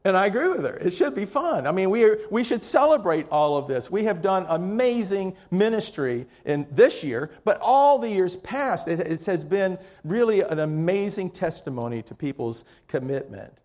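High-voiced, chatty pastor. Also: male voice, big pitch swings, normal speed, hardly any pauses, a little mellow. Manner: chatty, rambling, with many restarts. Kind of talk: sermon with a joke.

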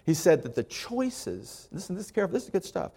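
A pastor preaching a sermon in a church sanctuary. His man's voice sits a touch higher than usual. He leans hard on key words, then lets each phrase drop away softly. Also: huge pitch swings, husky. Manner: slow, emphatic delivery with soft trailing phrases.

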